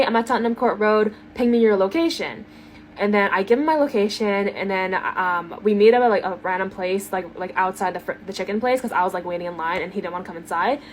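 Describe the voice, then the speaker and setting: Chatty woman telling a story. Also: medium pitch. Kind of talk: storytime to camera.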